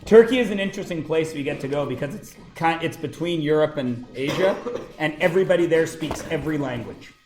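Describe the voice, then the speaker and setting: A man's voice: on the high side, fairly quick, over music. Male teacher, playful anecdote-teller, bouncy intonation, roomy classroom sound. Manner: joking, animated storyteller. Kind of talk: casual classroom talk with anecdotes.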